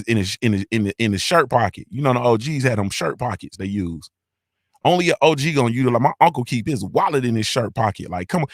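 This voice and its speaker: A male host doing casual livestream shout-outs in a loud, hyped, sing-song roll call full of slang. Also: medium pitch, no room sound, clean studio sound.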